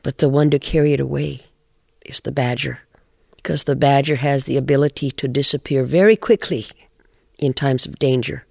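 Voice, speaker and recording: A man's voice: medium pitch, steady tone, moderate pace, vocal fry, dry recording, clean studio sound. A man voicing a wise old female owl who leads the animals' meeting and firmly turns down volunteers. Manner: firm and decisive.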